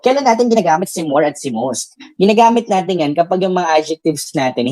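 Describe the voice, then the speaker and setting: A woman's voice: sits low, darkish tone, no room sound, rough recording. A woman with a Filipino accent teaching a grammar lesson for an English test, explaining patiently in mixed Tagalog and English and checking in with tag questions.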